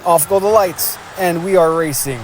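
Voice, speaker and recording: A man giving energetic play-by-play commentary on a race as the show's host, calling lap times and cheering the drivers on. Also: fairly high pitch, moderate pace, crowd noise.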